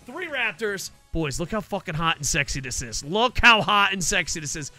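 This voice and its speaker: A man streaming a video game, chatting to viewers in excitable, profane, jokey banter. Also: sits high, moderate pace, hardly any pauses, faint music behind. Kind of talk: casual game streaming commentary.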